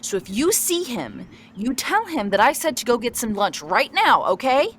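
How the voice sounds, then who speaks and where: A woman putting on a bubbly, high-pitched town mayor. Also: sing-song, a little hiss or hum. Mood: fussing. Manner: bubbly and gushing, fast and scattered. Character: cheerful, loud female town mayor, over-caffeinated.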